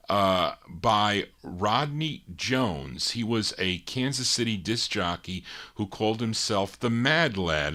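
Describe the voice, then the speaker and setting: A man hosting a live show of old soul records, chatting casually, pausing to recall names and details. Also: lowish voice, pushed and bright. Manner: unhurried, pauses to recall names, fillers. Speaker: radio-style show host and DJ.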